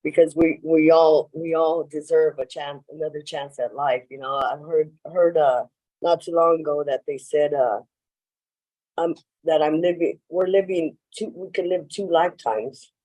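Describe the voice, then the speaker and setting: A woman's voice: deep voice, normal speed, warm tone, rough recording. A woman speaking at a recovery meeting, telling her story in a rambling way with lots of "you know" and acting out what people said. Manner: acts out quoted lines in her stories. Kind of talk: personal share at a meeting. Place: meeting room.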